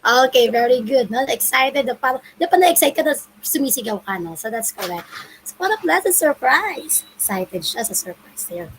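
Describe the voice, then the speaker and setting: A woman's voice: high-pitched, lively intonation, fairly quick, slight background noise, low-quality recording. A woman teacher from the Philippines with a Filipino accent, leading an online English class and encouraging her pupils as she switches between Tagalog and English. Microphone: video call.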